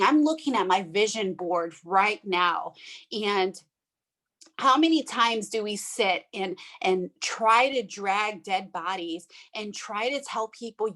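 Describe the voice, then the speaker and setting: A woman's voice: mid-range voice, fairly bright tone. A middle-aged woman hosting a group video call, giving a fervent, preachy motivational talk with blunt, mildly profane words.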